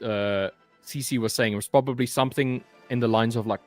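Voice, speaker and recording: A man's voice: mid-range voice, fairly even intonation, moderate pace, soft background music. Teasing young British man chatting. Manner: dry teasing banter. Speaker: livestream co-host. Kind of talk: casual chat.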